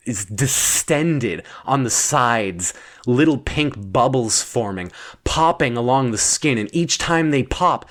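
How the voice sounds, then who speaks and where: A man telling an absurd second-person bedtime story in a deadpan, wandering way. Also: mid-range voice. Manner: slow, deadpan, wandering delivery.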